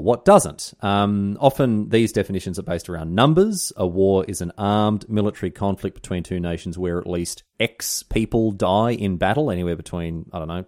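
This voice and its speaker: A man's voice: low voice, a little mellow. An Australian man hosting a casual history podcast, explaining in a chatty way with mock-outraged asides and mild swearing.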